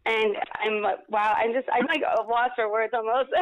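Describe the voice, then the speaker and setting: A woman's voice: a little high, very animated, unhurried, no room sound, rough recording. A woman guest on a podcast interview, talking casually in a gushing, emotional way and repeating herself.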